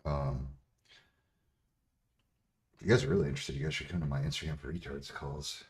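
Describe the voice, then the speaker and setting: Pria bersuara sangat rendah, bicara kasar. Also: male voice, a bass voice, steady tone, fairly quick. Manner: profane, blunt, laughs often. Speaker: streamer answering chat questions. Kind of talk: casual livestream chat.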